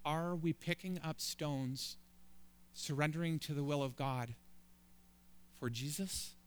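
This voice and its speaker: A man's voice: fairly high pitch, takes it slowly, smooth. A man preaching a sermon as a pastor, building emphatic, rising lists of phrases.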